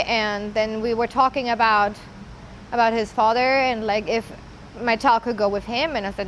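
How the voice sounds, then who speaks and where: A woman telling her personal story in an earnest, halting way, often pausing with casual fillers. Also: on the high side, steady tone, fairly bright tone, a little hiss or hum, poor audio. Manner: earnest, halting, with many "like" and "you know" fillers. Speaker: interviewee sharing her story. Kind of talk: personal testimony.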